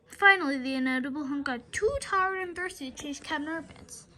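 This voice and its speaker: A woman reading a children's book aloud in a lively storytelling way, often stumbling and restarting her words. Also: sits high, a little fast, hardly any pauses.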